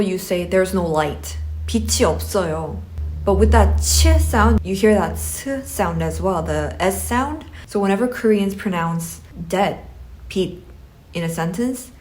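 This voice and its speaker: A woman teaching a language lesson, patiently explaining pronunciation rules and repeating example words slowly. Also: mid-range voice, darkish tone.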